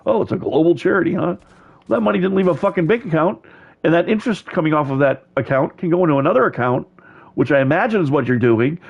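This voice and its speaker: A man's voice: fairly high pitch, lo-fi sound. Angry man ranting, swearing hard. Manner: heated, swearing, repeats himself. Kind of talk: angry profane rant.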